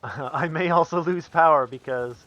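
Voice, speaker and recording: A man's voice: on the high side, moderate pace, bright, forceful tone, dull audio. A man from Northern Canada, chatting with his viewers as he streams a survival game. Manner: chatty, answering chat while playing. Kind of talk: live gameplay commentary.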